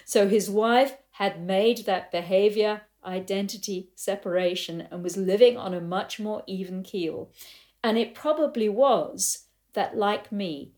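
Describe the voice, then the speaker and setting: A woman's voice: medium pitch, a little slow. An older woman, a riding coach, giving a reflective talk to riders and telling stories in a thoughtful way. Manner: thoughtful, storytelling, animated quotes.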